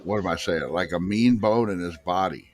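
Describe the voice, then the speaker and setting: A man in a casual chat, lively and stumbling over his words. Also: low-pitched, normal speed, a little hiss or hum.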